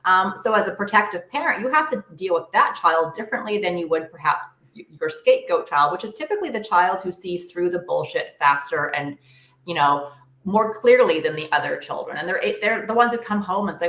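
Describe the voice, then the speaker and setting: A woman's voice: on the low side, expressive, fairly quick, a bit bright, roomy sound. A woman guest explaining co-parenting advice in an interview, earnest and emphatic with frequent fillers.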